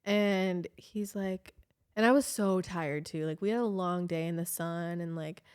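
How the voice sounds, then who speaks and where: A young woman casually telling a long story on a podcast, animated and full of "like". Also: on the low side, a little slow, clear, resonant tone. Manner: chatty, animated, heavy use of "like", laughs often. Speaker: podcast co-host.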